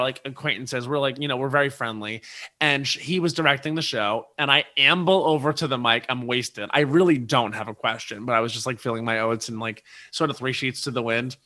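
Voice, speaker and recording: A man who is a guest on a podcast, telling stories in casual chat with animated asides. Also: medium pitch. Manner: animated storyteller, quick asides.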